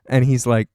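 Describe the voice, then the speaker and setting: Young guy streamer, rambly storytelling, cussing, warm low-key voice. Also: clean tone, dry recording, studio quality. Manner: rambling, laughing, swearing. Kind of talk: casual chat, storytelling.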